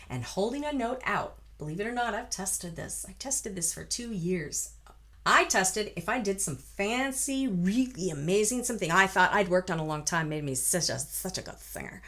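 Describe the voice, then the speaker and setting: Bright, lively woman vocal coach. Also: mid-range voice. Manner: chatty and encouraging, breaks into full-voiced singing. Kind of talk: singing lesson with sung demonstrations.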